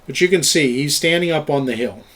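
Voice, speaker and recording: A chatty middle-aged man runs an online tabletop game. He talks through rules and scenes and laughs often. His voice sits a bit high. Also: brisk, fairly bright tone. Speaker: game master. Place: at home, online voice chat.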